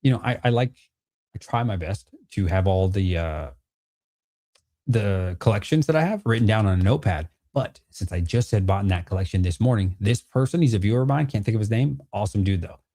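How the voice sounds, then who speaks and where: A man tells his viewers about a card deal in a loose, animated way, swearing as he goes and playing both people in the haggle. His voice sits low and mellow. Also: fairly quick. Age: adult with a child. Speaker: card vendor and channel host. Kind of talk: casual storytelling to viewers.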